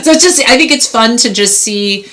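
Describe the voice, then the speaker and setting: A middle-aged woman co-hosting a podcast in casual chat, chatty and quick to laugh. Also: fairly high pitch, animated, bright, forceful tone. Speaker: podcast co-host.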